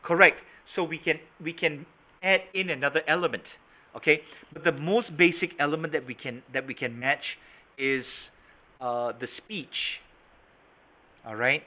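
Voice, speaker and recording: A fairly high-voiced man runs a live online sales class and keeps checking in with his listeners by name. He moves between a soft, mellow delivery and a stronger one to show what he is teaching. His audio comes through a narrow, phone-like video-call line. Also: moderate pace. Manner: interactive, quizzes participants by name with frequent "right?" and "okay?"; shifts volume and tone to demonstrate matching, from soft to strong. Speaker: sales trainer. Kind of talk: online sales training session.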